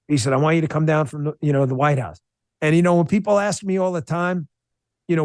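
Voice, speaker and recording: A man with a fairly high voice speaks as an interview guest, recorded dry and close. He tells his story with feeling, breaking off and restarting his sentences. He turns blunt and combative when he argues. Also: quick pace, no echo. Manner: emotional, animated storytelling with restarts. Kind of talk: podcast interview.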